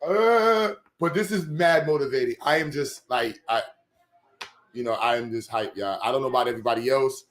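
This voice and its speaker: A man hosting an online community meeting, talking in an energetic, hyped, slangy way and calling out to people. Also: medium pitch, fairly quick, reverberant. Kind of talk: casual, excited hosting.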